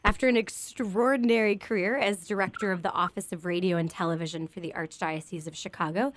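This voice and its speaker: A woman's voice: lowish voice, fairly even intonation, brisk, dry recording. Upbeat radio host woman, dry studio. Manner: upbeat, laughs easily. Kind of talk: radio interview hosting.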